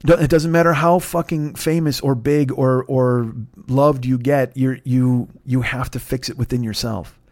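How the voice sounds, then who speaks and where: A man's voice: mid-range voice, steady tone, a little slow, hardly any pauses, a little mellow, no echo. Profane rambling man, dry sound. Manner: profane, rambling, self-mocking, many restarts. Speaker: podcast host. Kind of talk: casual storytelling monologue.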